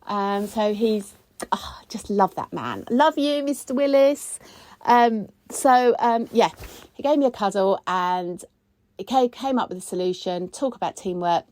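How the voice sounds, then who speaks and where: A woman, hosting a casual weekly chat. She talks in a chatty, expressive way, and her pitch jumps high when she gets excited. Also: measured pace, no echo. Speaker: podcast host, spiritual coach.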